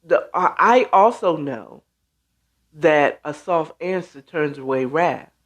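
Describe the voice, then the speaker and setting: Woman host, casual monologue, slow and emphatic, lively pitch swings. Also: muffled recording. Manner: emphatic, conversational, acts out quoted reactions. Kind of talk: casual talk show monologue.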